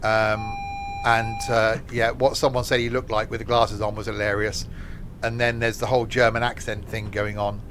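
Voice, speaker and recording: A man's voice: on the low side, level tone, moderate pace, noisy background. A man chatting casually while streaming a train simulator, rambling off into asides. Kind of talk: casual gameplay commentary.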